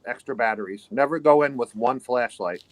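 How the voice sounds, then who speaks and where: A man's voice: medium pitch, fairly quick, dry recording, poor audio. Practical New York man giving tips. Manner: practical, gives tips step by step. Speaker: guest. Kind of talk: casual live chat.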